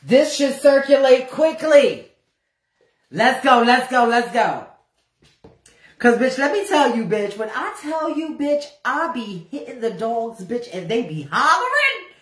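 A woman's voice: high-pitched, sing-song, measured pace, reverberant. A woman ranting on a livestream in a brash, profane way, repeating phrases over and over for emphasis. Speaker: live streamer. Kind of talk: unscripted livestream rant.

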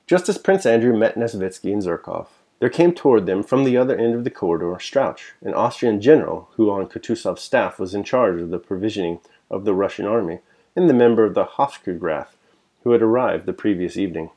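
Man with a low voice reading a novel. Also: expressive, a little fast, mellow. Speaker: reader and host. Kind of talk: reading a novel aloud with reflection.

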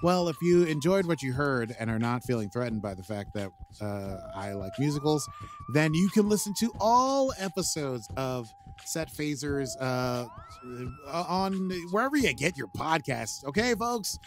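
Rambling, lively male podcast co-host. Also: fairly high pitch, normal speed. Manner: rambling, self-mocking, lots of fillers. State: sick with a cold. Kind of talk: casual podcast chat.

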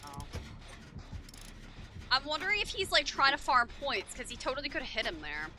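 A woman's voice: high voice, sing-song, normal speed. Swearing woman streaming a game. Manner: irritable, swears a lot, talks to herself and to chat. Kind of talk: casual live-stream commentary. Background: game music.

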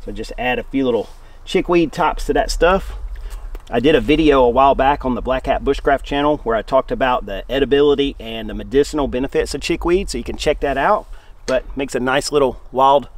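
A middle-aged man, hosting an outdoor camp cooking vlog in the woods, folksy and relaxed, talking while he eats. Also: medium pitch, a little fast. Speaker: host of a camp cooking show.

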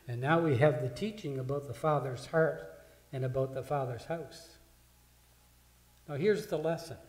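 A man preaching a sermon as pastor, earnest, swinging between loud rises and hushed drops. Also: a little high. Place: church sanctuary. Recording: echoey church hall.

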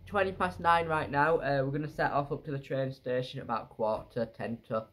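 A man's voice: medium pitch, moderate pace, over music. A man from England chatting to camera in a travel vlog, rambling with fillers and asides from a hotel room. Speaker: travel vlogger. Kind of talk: casual vlog chat to camera.

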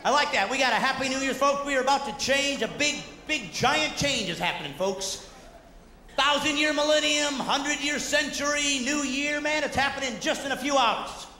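A man doing a high-energy stand-up comedy set, shouting and working the crowd. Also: moderate pace. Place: large hall with a live audience. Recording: echoey hall, loud crowd and noise.

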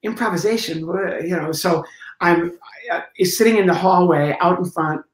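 A middle-aged comedian, a man, telling stories as an interview guest. He is lively and acts out scenes and sound effects as he goes. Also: sits high, normal speed. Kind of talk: storytelling in a conversation. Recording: roomy echo.

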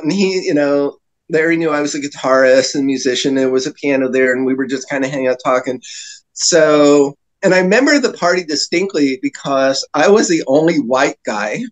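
Guy telling wild stories on a podcast, kinda high voice, does little voices for people. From New Jersey. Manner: animated anecdotes, slips into voices for other people. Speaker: guest. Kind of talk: casual storytelling.

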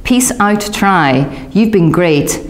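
A woman voicing an excitable teenage boy shouting to a crowd from a stage. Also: mid-range voice, slow pace, pitched above the performer's own voice. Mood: hyped. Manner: shouting, hyped.

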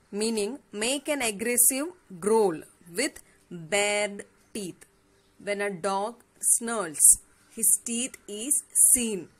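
A woman teacher with an Indian English accent, reading a fable aloud and patiently explaining each word to her students. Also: medium pitch. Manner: patient, explains words slowly, asks "yes or no?". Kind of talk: classroom story explanation lesson.

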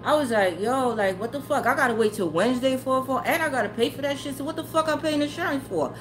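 A woman's voice: high voice, quick pace, soft background music. A woman who streams tarot readings, ranting bluntly and with lots of profanity in casual talk to her live chat. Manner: blunt, profane, heated, often laughing. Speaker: tarot livestreamer.

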